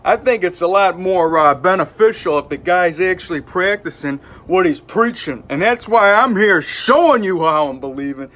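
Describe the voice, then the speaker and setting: A man's voice: sits high, animated, moderate pace, few pauses, a bit bright. A man with a Detroit accent rambling in a loose, hyped-up vlog monologue from home, full of fillers. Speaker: vlogger. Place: indoors at home.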